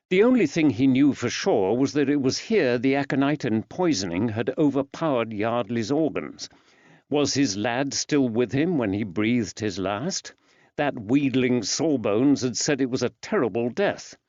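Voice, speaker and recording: A man narrating an audiobook in a measured, even storytelling delivery. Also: medium pitch, dry recording. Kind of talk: scripted narration. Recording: dull dry studio sound.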